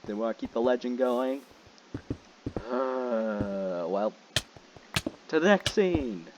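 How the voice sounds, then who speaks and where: Excitable young man gaming, noisy recording. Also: medium pitch, slow. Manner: excitable, shouts in frustration, jokey. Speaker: gaming channel host. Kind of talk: casual gameplay commentary. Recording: loud background noise.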